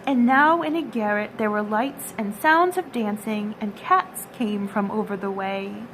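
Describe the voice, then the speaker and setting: A woman reading a classic children's story aloud at a storytime, gentle and expressive. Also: medium pitch, unhurried, a little hiss or hum, rough recording. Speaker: storytime reader.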